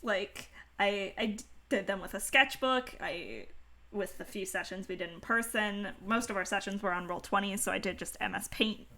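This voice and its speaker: A woman's voice: medium pitch, moderate pace, sharp tone. A woman hosting a casual chat stream, talking in a playful Valley Girl lilt and giggling often. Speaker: streamer host.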